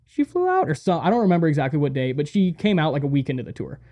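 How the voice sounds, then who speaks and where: Excitable American man telling tour stories. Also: fairly high pitch, rapid-fire. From Arizona, USA. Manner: animated, profane, laughs often. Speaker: podcast guest. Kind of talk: casual chat, storytelling.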